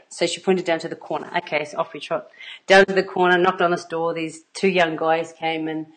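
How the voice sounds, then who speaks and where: A woman's voice: fairly low pitch, steady tone, moderate pace, rough recording. A middle-aged woman, an intimacy coach telling stories in a casual livestream, earnest and rambling, with plenty of fillers and laughs between her thoughts.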